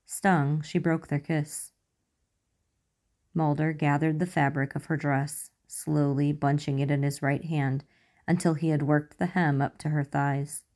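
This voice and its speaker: Low-voiced woman narrating a romance story. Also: level tone, a little slow, a little mellow. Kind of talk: reading romance fan fiction aloud.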